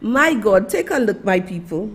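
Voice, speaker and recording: A woman from Saint Lucia, speaking with a Saint Lucian accent, has a husky mid-range voice with big pitch swings and a moderate pace. Hosting a live-stream commentary, she speaks emphatically, addressing her listeners and officials directly.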